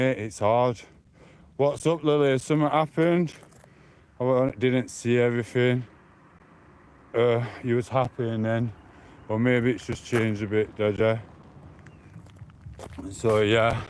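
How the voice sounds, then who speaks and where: A British man with a fairly low voice streams live from a handheld phone as he walks outside. He rambles in loose, casual chat and turns defensive now and then. Faint outdoor noise runs under his voice. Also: a little mellow. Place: outdoors, walking along streets.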